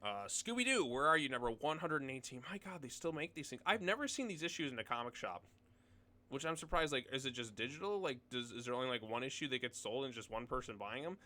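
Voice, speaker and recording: Fast-talking bright-voiced man. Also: mid-range voice, big pitch swings. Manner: rambling, blunt, many fillers and asides. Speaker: comics video host. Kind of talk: casual commentary reading solicitations.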